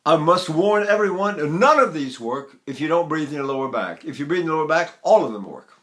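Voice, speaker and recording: An older man leads a singing lesson, his speaking voice pitched high and ringing bright. He talks in short, deliberate phrases and drops into sung syllable drills to demonstrate. Now and then he drifts a little away from the microphone. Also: lively intonation. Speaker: voice teacher.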